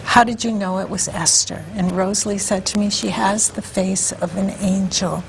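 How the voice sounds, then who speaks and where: A woman hosting an interview, asking gentle questions and telling a story of her own. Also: mid-range voice, fairly even intonation, normal speed, gravelly, slight background noise, poor audio. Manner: gentle, encouraging questions and backchannels. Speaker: host.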